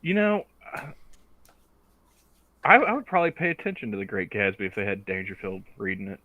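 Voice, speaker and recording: A man's voice: on the low side, very animated, fairly quick, dry recording, phone-quality sound. A man co-hosting a podcast, joking around in casual chat with stammering restarts. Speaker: podcast co-host.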